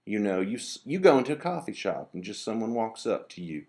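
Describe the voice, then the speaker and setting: A man with a low, gravelly voice talks casually to the camera, wandering from point to point and restarting sentences as he goes. He grumbles about rudeness in a rambling, conversational monologue. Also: very animated, a little fast, a little mellow. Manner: meandering, digressive storytelling with many restarts and fillers. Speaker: vlogger.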